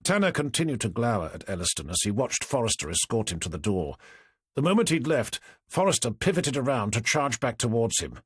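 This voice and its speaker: A man narrating a crime audiobook in a measured, dramatic storytelling manner. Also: medium pitch, sing-song, breathy edge, dry recording, clean studio sound. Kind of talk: scripted narration.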